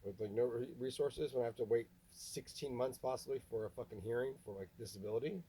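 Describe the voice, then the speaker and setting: A man delivering an angry, halting rant to camera, full of restarts and swearing. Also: medium pitch, dark tone, slightly rough, rough recording. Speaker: vlogger. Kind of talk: ranting monologue to camera.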